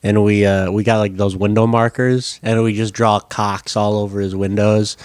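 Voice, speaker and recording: A man's voice: on the low side, normal speed, clean tone, no echo. A young man co-hosting a podcast, telling crude stories in casual chat. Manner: animated crude storytelling. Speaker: podcast co-host.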